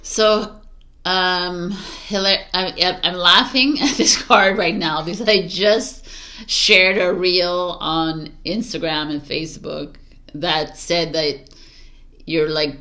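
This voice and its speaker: A woman's voice: fairly low pitch, steady tone, slow, sharp tone. A woman giving a casual, chatty tarot reading to camera, giggling often and using many fillers, with a morning voice. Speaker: tarot reader.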